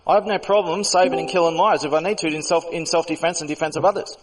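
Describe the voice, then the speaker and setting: A man's voice: on the high side, fairly even intonation, fast, far from the mic, low-quality recording. A man hosting a heated voice-chat debate, talking in an insistent, lecturing, argumentative way. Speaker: voice chat server host. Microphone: computer mic in voice chat.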